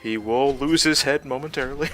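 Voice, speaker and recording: Bright-voiced man playing on a charity stream. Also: medium pitch, brisk, soft background music. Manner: laughs often, swears casually. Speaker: livestream co-host playing the game. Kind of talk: casual gaming livestream chat.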